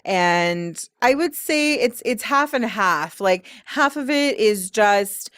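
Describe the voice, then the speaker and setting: A woman's voice: mid-range voice, expressive, takes it slowly, a bit bright, clear, resonant tone, no room sound, clean studio sound. A woman who is a guest, talking candidly and rambling a little in a casual chat, and laughing easily.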